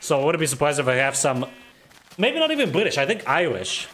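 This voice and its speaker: A man's voice: on the high side, sing-song, fairly quick, a bit bright. Rambling man from the Balkans streaming. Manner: rambling, grumbling, laughs at himself. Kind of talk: casual live-stream game commentary.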